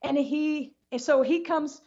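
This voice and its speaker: Animated woman telling a story. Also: sits high, unhurried, lo-fi sound. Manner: animated, with many restarts and repeats. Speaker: interview guest. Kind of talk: casual storytelling.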